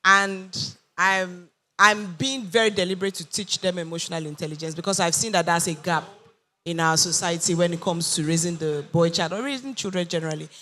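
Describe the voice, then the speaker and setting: A woman talks in a bright, crisp tone. She makes her points earnestly and with emphasis, in the back-and-forth of a panel discussion. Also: on the low side, brisk. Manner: earnest, emphatic, acts out quoted voices. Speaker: panel guest.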